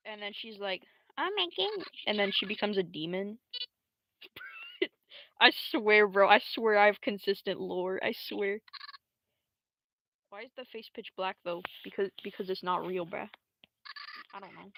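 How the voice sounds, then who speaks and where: A young adult woman livestreaming in casual, slangy, rambling talk, swearing freely and jumping into squeaky high voices to quote characters. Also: a bit bright, a little hiss or hum, poor audio. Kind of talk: casual live-stream commentary.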